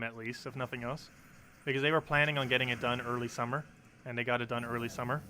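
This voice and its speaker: A man in his twenties from New Jersey, talking fast and casually as he streams a game. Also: medium pitch, level tone, sharp tone. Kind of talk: casual live-stream commentary.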